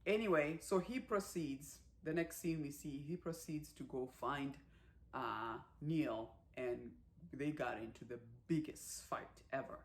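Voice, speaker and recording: A woman giving a casual movie recap, chatty and animated, with lots of fillers and acted-out quotes. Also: low-pitched, unhurried. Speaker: movie reviewer.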